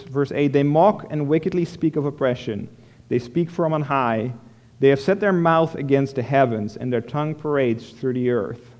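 A man's voice: mid-range voice, a little mellow. A man preaching a sermon, explaining a scripture passage verse by verse in a plain, conversational way with frequent restarts. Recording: long hall reverb.

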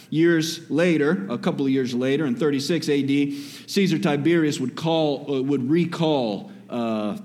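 A male pastor preaching an expository sermon, moving between quiet asides and raised emphasis. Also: medium pitch.

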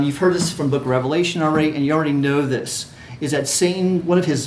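A man teaching a class on a religious allegory, talking conversationally, repeating phrases and checking in with his listeners. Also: a little high. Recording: echoey room with faint ambient noise.

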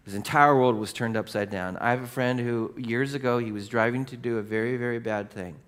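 A middle-aged male pastor preaching a sermon in a lively storytelling way, with casual conversational asides. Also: mid-range voice, brisk.

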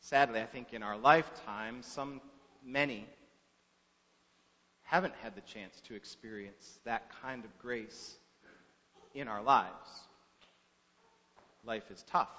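A man with a medium-pitched voice preaches a sermon through stories, moving from soft to loud and leaving long pauses. The recording is dull and captured in an echoey hall.

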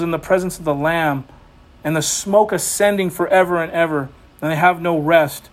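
A man with a fairly high voice delivers an impassioned sermon. He speaks as a pastor, repeating phrases for emphasis and pressing each point home.

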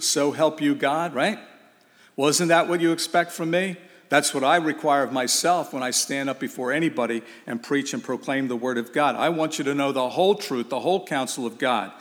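A man's voice: mid-range voice, in a large hall. A man preaching a sermon, asking his listeners rhetorical questions and repeating phrases for emphasis.

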